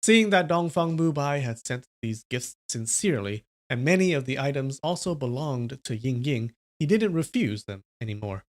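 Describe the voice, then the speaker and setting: A man's voice: mid-range voice, animated, normal speed, few pauses. A man reading a novel aloud on a livestream, breaking off now and then for casual asides to his viewers.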